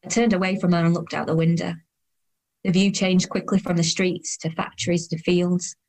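A woman's voice: fairly low pitch, flat delivery, normal speed, darkish tone, close to an everyday voice. A woman in her thirties narrating in the first person as a weary, self-conscious woman, with a dry, sardonic tone. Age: 30s.

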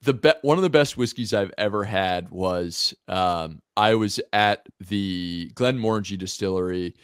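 A man in his thirties, a guest on a podcast, telling a story in a lively, animated way. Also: low voice, a little slow, smooth, dry recording, clean studio sound. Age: 30s. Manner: animated, lively storyteller who acts out other people's lines and laughs often. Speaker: whiskey brand founder, podcast guest.

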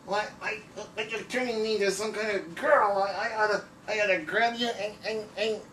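A man's voice: sits high, steady tone, normal speed, sharp tone, a little hiss or hum, voice pushed up. A man voicing a cheeky, dumb-looking male face drawn on a chalkboard, wisecracking and indignant, recorded in an echoey room from a distance.

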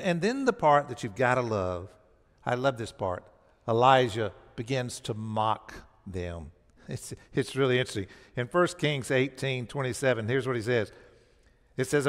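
A man's voice: mid-range voice, animated, normal speed. Emphatic male pastor in a reverberant church. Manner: emphatic storytelling with frequent stammered restarts. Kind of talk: sermon. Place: church sanctuary.

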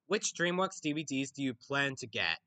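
A young Australian YouTuber answers viewer questions in a casual Q&A video, often sounding noncommittal and hesitant. His mid-range voice is animated and sharp in tone, delivered at normal speed with no room sound.

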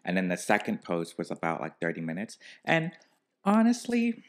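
A man with a very deep voice whose pitch swings widely as he talks. He chats casually on a podcast, filling his sentences with "like" and "um". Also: very animated, brisk. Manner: chatty, filler-heavy with "like" and "um". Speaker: podcast guest. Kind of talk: casual chat.

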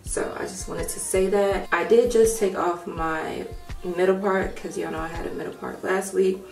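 A low-voiced young woman with a gravelly morning voice chats loosely through a hair tutorial, thinking out loud as she goes. She sits back from the camera in an echoey room at home, and faint music plays underneath. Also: fairly even intonation, moderate pace, recorded from a distance. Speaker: hair vlogger. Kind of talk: casual tutorial chat.

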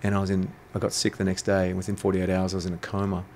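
Very fast and monotone, this deep, slightly mellow voice belongs to an intuitive coach appearing as an interview guest. He tells blunt, provocative stories with free swearing, and slight background noise runs underneath.

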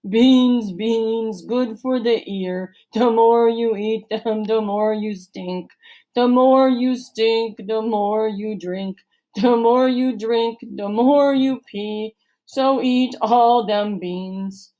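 A dopey, lumbering camp boy from a storybook, put on by a woman narrator, drawling every word at a slow, dragging crawl. The voice stays at a middling pitch and sits a little back from the mic. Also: flat delivery, dark tone, natural voice, rough recording. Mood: goofy. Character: slow dim-witted big boy at camp.

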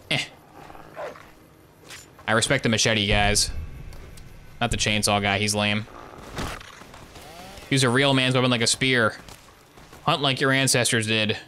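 Guy streaming a game live, goofing around and trash talking, bright voice, a bit of faint hum behind. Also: mid-range voice. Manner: joking, playful banter at the game. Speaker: gaming streamer. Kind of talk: live gameplay commentary.

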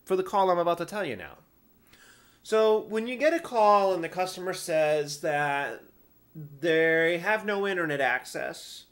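A man casually telling a tech support story from his past, animated and exasperated, poking fun at himself. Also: high-pitched. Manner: animated, exasperated, self-mocking. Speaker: storyteller, former IT support worker.

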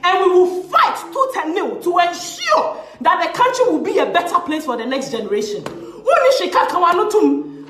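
Ghanaian woman, fiery scornful rant, high lively voice, roomy echo. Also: normal speed. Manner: indignant, scornful, laughing as she speaks. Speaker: social commentator. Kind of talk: impassioned rant.

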